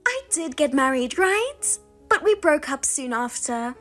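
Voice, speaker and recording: A woman's voice: sits high, sing-song, measured pace, fairly bright tone, faint music behind, heavily acted. A woman voicing a scheming younger sister who mocks and taunts in a sing-song way. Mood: gloating.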